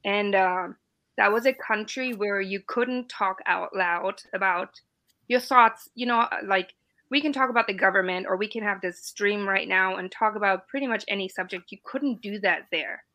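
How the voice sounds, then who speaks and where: In a rough recording, a woman in her forties from East Germany talks at normal speed in a medium-pitched voice. She's a veteran guest on a live stream, casually chatting and telling stories, animated and laughing often.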